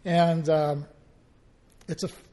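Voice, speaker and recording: A man speaking hesitantly at a faith gathering, halting often with filler sounds. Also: a little high, level tone, dark tone. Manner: hesitant, halting, many pauses. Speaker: family member speaking at a gathering. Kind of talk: personal sharing at a faith gathering.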